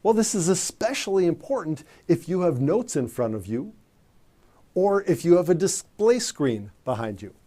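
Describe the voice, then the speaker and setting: A man teaching communication skills in a measured, emphatic coaching manner. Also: high voice, sing-song, dark tone. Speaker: communication trainer. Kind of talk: instructional presentation.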